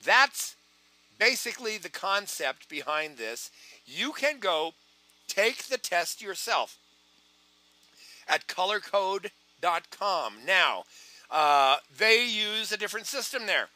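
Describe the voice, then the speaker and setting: Animated man with a bright, lively voice. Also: high voice, slow, no room sound. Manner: animated, acts out both sides of phone calls. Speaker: sales trainer. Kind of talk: online training talk with acted phone calls.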